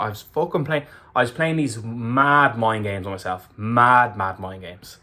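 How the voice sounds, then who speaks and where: A man's voice: on the low side, moderate pace, few pauses, sharp tone. An Irish man recapping a race to camera in a candid, emotional way, swearing freely. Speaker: ultramarathon runner vlogger.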